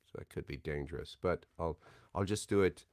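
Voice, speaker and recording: A man's voice: extremely low pitch, brisk, a little mellow, no room sound, clean studio sound. A man hosting a signing livestream, talking in a rambling, chatty, self-deprecating way at a desk microphone. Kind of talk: casual livestream chat.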